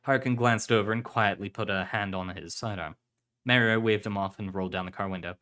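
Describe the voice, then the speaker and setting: Man with a low voice reading a story aloud. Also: fairly even intonation, brisk, fairly bright tone.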